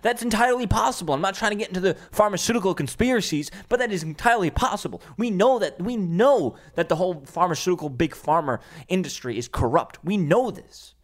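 A young man with a New York accent, hosting a podcast and ranting in a heated, profane, combative way, with bursts of shouting. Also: high-pitched, lively intonation, fast talker, few pauses. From Staten Island, New York. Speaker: podcast host. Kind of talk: opinionated podcast rant.

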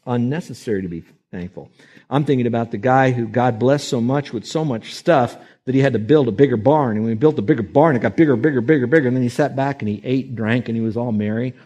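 A man preaching a sermon as a pastor, emphatic and quick to act out the people he quotes. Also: mid-range voice, darkish tone. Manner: emphatic, acts out quoted voices.

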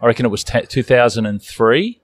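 A man, a guest coach, relaxed and chatty, telling stories with a laugh. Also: mid-range voice, a little fast. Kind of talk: casual interview chat.

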